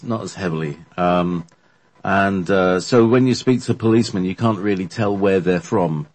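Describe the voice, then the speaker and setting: Husky, low-voiced man. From Britain. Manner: rambling, hesitant, with many fillers and laughs. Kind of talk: casual podcast chat.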